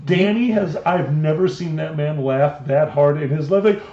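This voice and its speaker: High-voiced man telling stories in echoey room. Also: moderate pace, few pauses, muffled recording. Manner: animated storytelling. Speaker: livestream co-host. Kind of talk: casual chat. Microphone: desk microphone.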